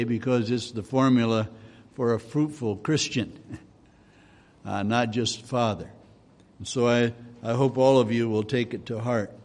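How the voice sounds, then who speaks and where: A male pastor giving a folksy, homespun sermon full of stories, recorded with a long hall reverb. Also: medium pitch. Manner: folksy, homespun storytelling with restarts.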